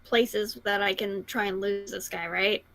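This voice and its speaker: A woman playing a tabletop game, talking quickly and casually. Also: mid-range voice, steady tone, creaky, fairly bright tone, rough recording. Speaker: player.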